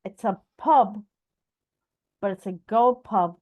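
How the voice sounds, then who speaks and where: A woman spins silly, giggly answers at a home trivia night. Her voice sits at a middling pitch and the sound is dry and close. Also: slow, dry recording, phone-quality sound. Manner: playful, silly, giggly storytelling. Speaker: trivia game player, channel host. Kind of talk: casual party game chat.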